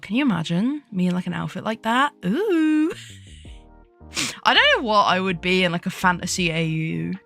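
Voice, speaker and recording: Giggly woman, slow chatter. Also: medium pitch, sharp tone. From United Kingdom. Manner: giggly, swears freely, self-mocking. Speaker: VTuber streamer. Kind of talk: casual chat while drawing on stream.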